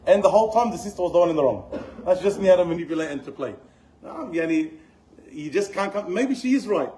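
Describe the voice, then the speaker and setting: A middle-aged man giving a religious lesson, telling stories in an animated way and mixing in Arabic phrases. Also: mid-range voice, slight background noise, poor audio. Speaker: Islamic teacher.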